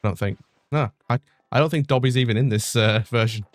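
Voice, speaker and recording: A man's voice: mid-range voice, fairly quick, dry recording. A young man chats over his game stream, easy-going and a little self-mocking, trailing off into fillers now and then. His voice sits close and dry on the desk mic, with no room sound around it. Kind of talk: casual chat over gameplay.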